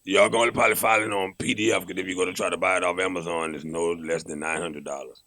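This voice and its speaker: A man's voice: deep voice, steady tone, fast, pushed and bright, no room sound, studio quality. A man who is a historian guest on a podcast, explaining things earnestly in casual chat.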